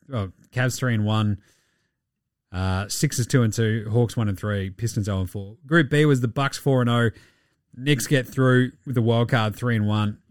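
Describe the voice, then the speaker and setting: Recorded dry with clean studio sound, an Australian podcast host with a lowish voice runs a casual basketball recap show. He is irreverent and swears freely, now and then putting on mocking voices.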